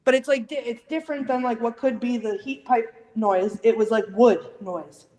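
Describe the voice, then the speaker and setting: A woman alone in a large old hall, talking over a video call in a nervous, halting way. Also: fairly high pitch, fairly even intonation, warm tone. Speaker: investigator alone in a haunted hall. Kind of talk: casual chat. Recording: roomy hall echo, piano behind.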